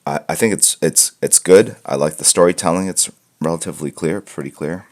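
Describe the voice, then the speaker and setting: A man's voice: low voice, fairly quick. A man hosting a live art critique stream, chatting casually and rambling with jokes, fillers and restarts while wearing headphones. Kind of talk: casual livestream chat. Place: room at home with piles of comic books.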